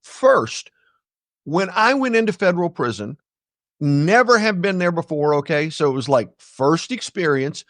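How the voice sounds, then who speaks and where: A man's voice: on the high side, very animated, measured pace, fairly bright tone, dry recording, studio quality. An older man, a podcast guest, telling a personal story with jokey, blunt asides to the listeners. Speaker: guest, ethics speaker.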